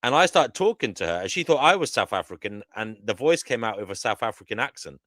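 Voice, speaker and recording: A man's voice: mid-range voice, lively intonation, fast, fairly bright tone, dry recording. A man telling a rambling anecdote in casual chat on a video call.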